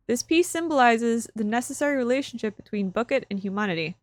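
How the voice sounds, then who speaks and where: A woman streaming a video game, commenting excitably and repeating phrases over and over into a close microphone. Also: a little high, fast talker, hardly any pauses, no room sound. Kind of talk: let's play commentary.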